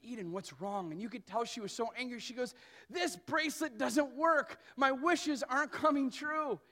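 High-voiced earnest male preacher. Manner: earnest storytelling preaching, slowing on key phrases. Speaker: pastor. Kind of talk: sermon.

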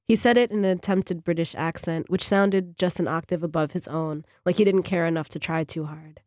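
A woman, a fiction writer, reading her own short story on a radio program in a measured, even way. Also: fairly low pitch, dry recording, clean studio sound.

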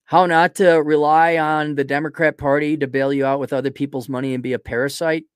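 Male podcast host, solo rant, blunt and profane, slightly high voice, dry close sound. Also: little pitch movement, a little fast, clear, resonant tone, dry recording. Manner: sarcastic asides.

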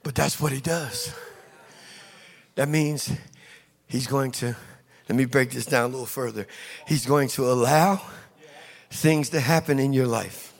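A man preaching a sermon, telling a lively story and acting out the people in it. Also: medium pitch, measured pace, creaky, pauses often. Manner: storytelling, acting out scenes with voices. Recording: long reverb of a large hall with audience.

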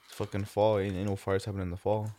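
A man hosting a podcast, trading relaxed, teasing, slangy banter with his co-host. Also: lowish voice, fast talker, slight background noise. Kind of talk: casual chat.

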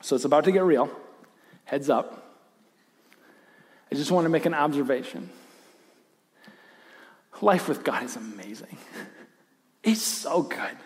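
A man preaching a sermon, animated in his storytelling, who acts out quoted lines and drops to a hushed intensity. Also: fairly high pitch, unhurried, long pauses, big-room sound. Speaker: pastor.

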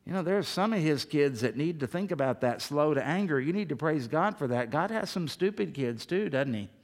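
A man's voice: on the high side, expressive, a little fast. Emphatic preacher man in his fifties. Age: 50s. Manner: emphatic, rhetorical questions. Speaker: pastor. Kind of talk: sermon.

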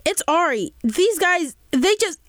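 A woman's voice: very high-pitched, sing-song, measured pace, a bit bright, dry recording, studio quality, exaggerated voice. A woman playing a defiant fourteen-year-old girl in an acted skit, snapping heated retorts. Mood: angry. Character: angry fourteen-year-old girl, protective of her friend.

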